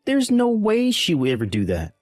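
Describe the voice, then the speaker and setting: A man's voice: sits high, huge pitch swings, normal speed, a little mellow, no room sound, faint music behind. A man voicing a callous young husband in a text-message drama, talking in a dismissive, impatient way.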